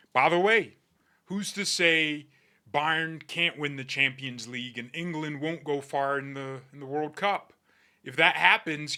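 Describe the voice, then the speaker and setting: A man's voice: fairly high pitch, bright, forceful tone. A man hosting a football fan channel, talking in a hyped, joking, over-the-top way. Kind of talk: excited fan commentary vlog.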